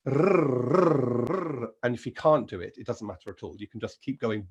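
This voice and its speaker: A man with an English accent leading an encouraging vocal warm-up lesson as a singing teacher. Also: mid-range voice, unhurried, slightly rough. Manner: encouraging, demonstrates sounds and sings.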